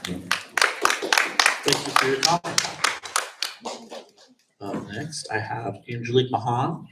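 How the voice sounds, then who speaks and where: A man chairing a public meeting who calls up speakers in a brisk, businesslike way. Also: mid-range voice, lively intonation, very noisy. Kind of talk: procedural meeting announcements. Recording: echoey meeting room from far off.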